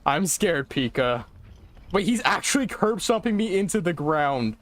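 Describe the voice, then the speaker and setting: A man streaming a game and chatting casually, getting panicky and excitable and repeating himself in bursts. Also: on the high side, a little slow. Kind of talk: casual gaming livestream chat.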